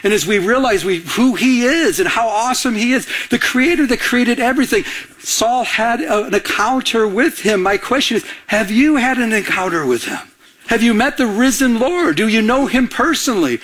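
A man's voice: extremely high pitch, normal speed. A man preaching a sermon to a congregation, asking for amens and acting out the scripture he quotes. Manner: animated preaching with audience call-outs and acted-out quotes. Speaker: pastor.

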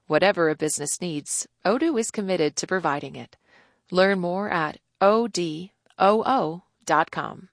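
A woman announcer reading sponsor credits in a crisp, even way. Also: lowish voice, unhurried, no echo, studio quality.

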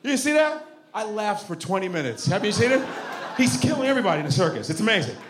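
A man doing stand-up comedy, profane and animated, jumping into voices. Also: high-pitched, quick pace, background noise.

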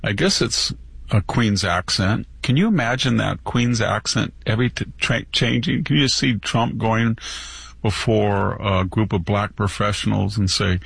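A man's voice: mid-range voice, lively intonation, vocal fry, a bit bright, husky, no room sound. A man giving indignant opinionated political commentary as a guest. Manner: indignant, quick to scoff.

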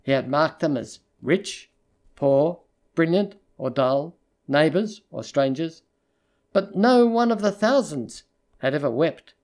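A narrator reading a literary short story aloud in a measured, steady storytelling manner. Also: mid-range voice.

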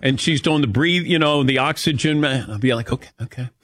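A man's voice: on the high side, fairly quick, dry recording. A man hosting a casual chat show, telling stories animatedly and calling on his co-hosts. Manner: animated storyteller, calls on co-hosts. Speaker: host.

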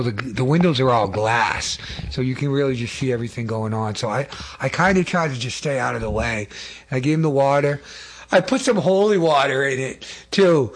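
Husky-voiced male lay preacher, earnest and rambling, telling testimonies. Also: mid-range voice. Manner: earnest, rambling with restarts and asides. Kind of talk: testimony sermon.

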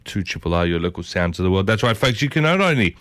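Chatty Australian radio host, dry studio sound. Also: male voice, deep voice, sing-song, quick pace, a bit bright, no room sound. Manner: chatty and enthusiastic, repeats "I tell you what". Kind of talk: casual morning radio chat.

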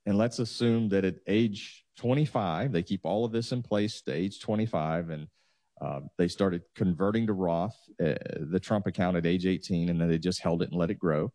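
A man's voice: low voice, normal speed, dark tone, dry recording. A man, a financial advisor patiently walking listeners through numbers on a talk show. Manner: explanatory, walks through numbers step by step.

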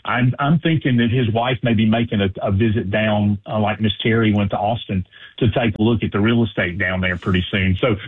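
A man's voice: on the low side, steady tone, slightly rough. Man on a tinny phone line. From Alabama. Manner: halting, many restarts and fillers. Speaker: guest, sports agent and author. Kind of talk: casual radio talk.

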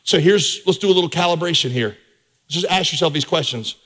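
A male pastor preaching a sermon, direct and conversational, with emphatic surges in pitch. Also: a little fast, fairly bright tone.

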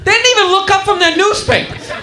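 High-voiced comedian in an echoey club. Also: male voice, fast. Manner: rambling, excitable, often shouts punchlines. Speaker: stand-up comedian. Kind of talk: stand-up comedy set. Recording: echoey live club recording with crowd noise. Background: audience laughter.

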